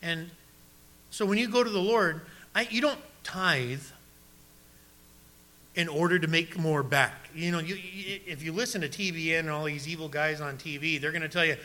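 Bright-voiced man preaching a sermon. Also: fairly high pitch, normal speed. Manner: preaching, direct questions to the congregation. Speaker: pastor.

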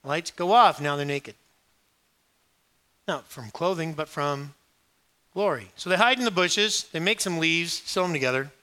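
A middle-aged male pastor preaching a sermon, joking and storytelling with sudden hushed asides. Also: fairly high pitch, animated, measured pace, pauses often.

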